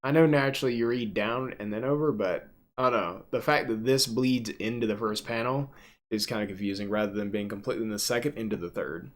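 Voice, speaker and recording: A man's voice: lowish voice, fairly quick. A man streaming live, giving casual, joking commentary with crude asides as he reads webtoons aloud.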